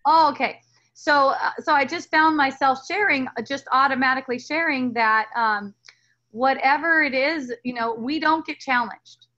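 A woman with a high, bright voice talks earnestly as a spiritual teacher in a relaxed dialogue. She rambles and restarts her sentences often. The audio sounds dull and lo-fi. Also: normal speed.

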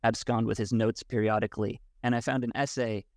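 A man as a podcast guest, talking in a thoughtful, halting way with many restarts. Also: fairly low pitch, flat delivery, darkish tone, no room sound, studio quality. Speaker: podcast guest, Wudang martial arts teacher. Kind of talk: casual conversation.

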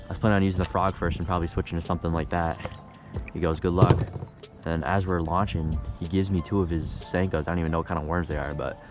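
Low-voiced young man narrating from a kayak. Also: fast talker, highs cut off, music in the background. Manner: excitable, swings from quiet musing to loud frustrated outbursts. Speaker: fishing vlogger. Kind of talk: casual running commentary. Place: on a kayak on a lake, outdoors. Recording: outdoor camera audio with steady background noise.

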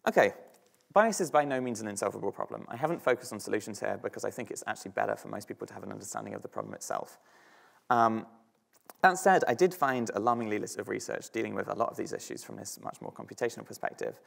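A man's voice: lowish voice, big pitch swings, fast, gravelly. A man with a British accent giving an academic talk on slides, thinking aloud with frequent fillers and restarts. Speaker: student speaker.

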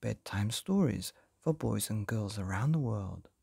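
A man who hosts a bedtime story podcast, gently reading a picture book aloud to children. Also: on the low side, animated, unhurried, creaky, slightly rough, no echo, clean studio sound. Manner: gentle, addresses children directly.

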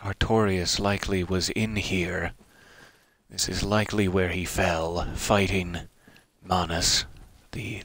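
A man playing through a video game, talking it over in a musing, wry, soft-spoken way. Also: sits low. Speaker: game streamer. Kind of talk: let's play commentary.

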